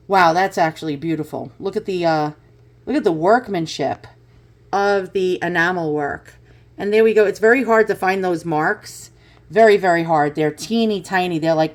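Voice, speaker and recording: A woman vlogger talking through an unboxing and price research, often breaking into excited exclamations. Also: mid-range voice. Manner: excitable, exclaims over finds.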